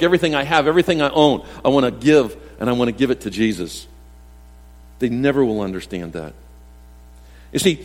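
In a church sanctuary with big-room sound, a male pastor with a medium-pitched voice preaches a conversational sermon. He uses self-deprecating humor and acts out quotes from scripture and from everyday life.

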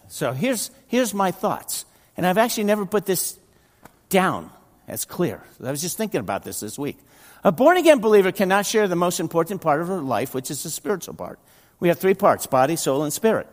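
Animated high-voiced preaching man. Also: normal speed, big-room sound. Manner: animated, joking, acts out biblical figures. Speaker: pastor. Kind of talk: sermon.

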